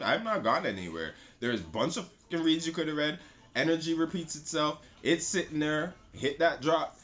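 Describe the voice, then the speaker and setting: A man's voice: a little high, fairly bright tone. A man giving a casual tarot reading, talking loosely and repeating himself, with lots of "right?" and some swearing. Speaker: tarot reader. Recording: slightly dull sound with faint music.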